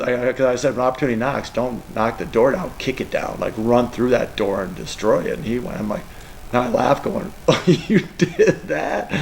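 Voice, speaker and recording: A man's voice: medium pitch, gravelly, darkish tone, slight background noise, poor audio. A middle-aged man, a college football coach, answering press questions in an emotional, rambling way. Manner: emotional, rambling, tearful at times.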